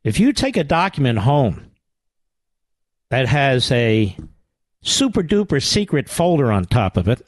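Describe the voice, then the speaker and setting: A man's voice: medium pitch, very animated, measured pace, long pauses, no echo. A man hosting a talk radio show, delivering a combative, sarcastic monologue.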